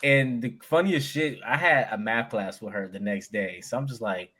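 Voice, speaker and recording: A man's voice: medium pitch, normal speed, bright, forceful tone, slight background noise. A man in his thirties, a podcast co-host, telling a story in casual, profane chat and laughing often.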